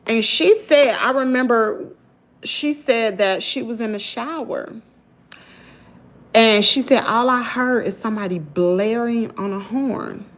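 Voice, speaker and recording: A middle-aged woman with a Southern US accent, telling a story to her viewers in an animated, chatty way. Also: medium pitch. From Mississippi, US. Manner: animated, talks to viewers as "y'all". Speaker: vlogger. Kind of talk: casual storytelling.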